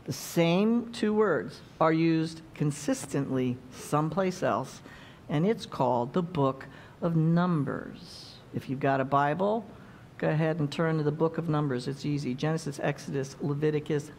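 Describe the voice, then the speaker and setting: A woman's voice: sits low, measured pace, a little mellow, a little hiss or hum. A woman preaching a sermon in a conversational way, often checking in with the congregation by asking questions.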